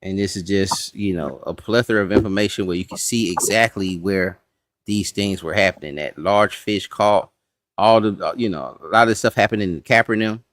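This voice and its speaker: A man's voice: deep voice, normal speed, fairly bright tone. A man teaching a casual Bible study class, folksy and talking straight to the group. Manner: folksy, says y'all, talks to the class. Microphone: streaming setup.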